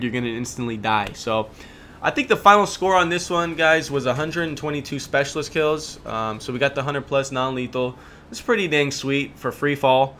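A young man giving relaxed, chatty gameplay commentary, full of ums and self-corrections. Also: medium pitch, slight background noise.

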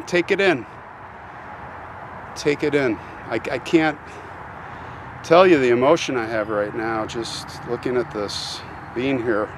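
Male vlog host, mid-pitched, reverent and earnest, outdoor cemetery take with faint traffic. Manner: earnest and reverent, addressing viewers directly. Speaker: channel host visiting a grave. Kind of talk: emotional on-location vlog.

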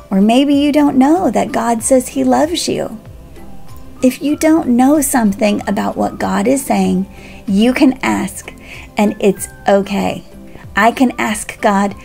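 A woman pastor telling a Bible story to children with animated, expressive delivery, speaking directly to the kids. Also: a little high, gravelly.

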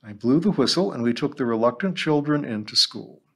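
A man narrating an audiobook in a measured, even storytelling manner. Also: medium pitch, creaky, breathy edge. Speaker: audiobook reader.

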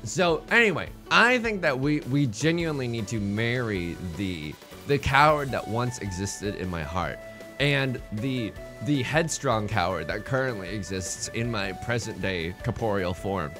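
A young man with a lowish voice and lively intonation talks unhurriedly while hosting a let's play of a tile game. He's casual and jokey, rambling with plenty of restarts and self-mockery, over faint background music.

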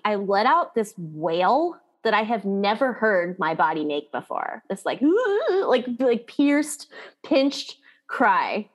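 A woman with a medium-pitched voice, a guest on a podcast interview, tells a personal story in a candid, chatty way, saying "like" a lot.

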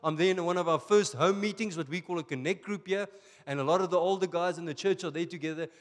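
A male pastor preaching a sermon from South Africa, animated and rising to emphatic bursts. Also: high voice, fast, in a large hall.

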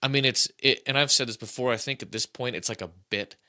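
A man in his thirties hosting a casual sports podcast, talking in an animated, rambling, jokey way. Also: mid-range voice, quick pace. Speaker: podcast host.

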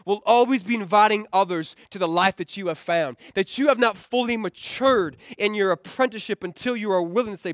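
Male pastor, high voice, dry close sound; relaxed conversational sermon with restarts and light humor. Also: fairly quick, hardly any pauses, dry recording. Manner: conversational, often stumbles and repeats words; keeps checking in with the crowd with "right?". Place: rented event hall used for church.

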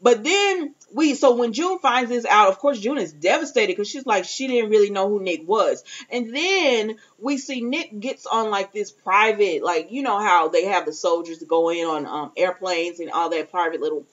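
A chatty woman retelling a TV episode in a loose, rambling way, slipping into the characters' lines as she goes. Her voice sits at a middle pitch. The recording sounds a little dull and lo-fi. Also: lively intonation, moderate pace, few pauses. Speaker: TV recap reviewer. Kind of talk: casual episode recap.

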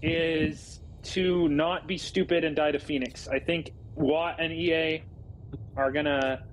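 Halting young man coaching his game team. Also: fairly high pitch, steady tone, slight background noise, rough recording. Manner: halting, full of fillers and restarts. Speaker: squadron leader and streamer. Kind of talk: casual team voice chat during a game.

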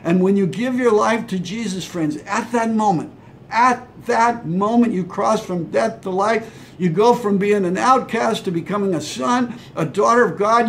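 A man with a rather high voice gives a short devotional sermon. He preaches in a conversational way and sometimes acts out imagined replies. A faint low rumble sits behind him. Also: normal speed, creaky. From Hawaii. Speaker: pastor.

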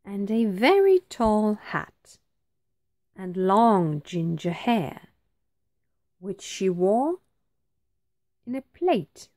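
Very slow, expressive woman reading a storybook. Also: medium pitch. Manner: very slow, expressive, clearly phrased. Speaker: teacher reading aloud. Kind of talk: storybook read-aloud.

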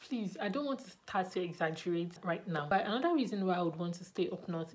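A woman's voice: lowish voice, animated, fast talker, few pauses, a little hiss or hum. A young Nigerian woman with a Nigerian accent, chatting to camera in a casual vlog and repeating words for emphasis. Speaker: vlogger.

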